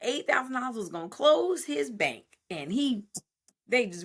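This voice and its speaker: A woman co-hosting a podcast, telling a story in casual chat, animated and profane. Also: a little high, normal speed, slightly rough. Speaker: podcast co-host.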